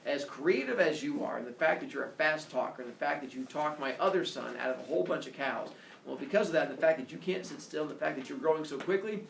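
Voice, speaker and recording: A man's voice: on the high side, quick pace, vocal fry, recorded from a distance, slight background noise. A man doing a curious, incredulous king of the gods. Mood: grand. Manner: animated storyteller voicing dialogue. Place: classroom. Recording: roomy classroom heard from afar.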